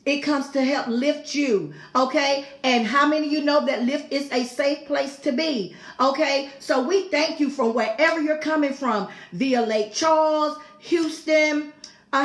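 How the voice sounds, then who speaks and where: A middle-aged woman with a high voice greets her livestream audience at an unhurried pace. She keeps repeating her welcomes to viewers. Her voice rings in an echoey room, with faint music behind her. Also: animated. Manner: warm, effusive, repetitive greetings to viewers. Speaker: host of a women's fellowship livestream. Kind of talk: casual live-stream welcome.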